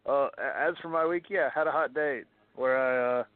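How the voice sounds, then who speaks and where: A man's voice: mid-range voice, normal speed, no room sound. A man co-hosting a casual podcast, rambling, laughing and swearing casually. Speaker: podcast co-host. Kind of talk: casual chat. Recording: tinny phone-like sound with faint noise.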